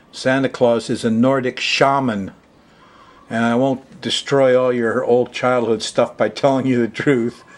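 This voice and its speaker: Chuckling, rambling male astrology host. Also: mid-range voice. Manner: chuckling, chatty, rambling asides. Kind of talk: casual monologue to camera. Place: Hawaii.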